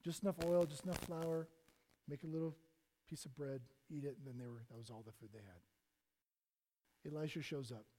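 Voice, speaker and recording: A pastor on the higher side of pitch preaches at a moderate pace with fairly even intonation and long pauses. His earnest sermon swells loud and drops nearly to a hush as he acts out prayers and Bible figures.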